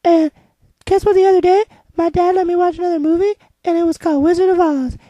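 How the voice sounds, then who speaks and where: A woman playing an excitable, naive young child who rambles breathlessly in a comedic vlog. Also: very high voice, fast talker, no echo, highs cut off, pitched above the performer's own voice. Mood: chirpy. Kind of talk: comedic kid-character vlog.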